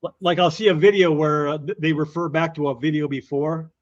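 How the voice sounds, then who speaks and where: A man's voice: a little high, fairly even intonation, brisk, no echo, muffled recording. A man hosting a casual livestream chat, laughing often and talking in a chatty way. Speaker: host.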